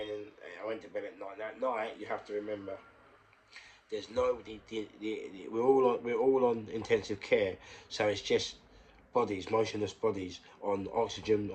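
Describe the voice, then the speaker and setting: A man with a London accent spinning a rambling, emphatic tale in a low voice. He swings between loud asides and hushed whispers when he quotes himself. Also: steady tone, moderate pace, a little hiss or hum. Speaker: storyteller. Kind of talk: casual storytelling monologue.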